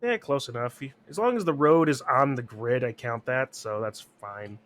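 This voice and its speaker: A man narrating a tabletop game as game master, describing scenes in a slow, measured way. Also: medium pitch, fairly bright tone.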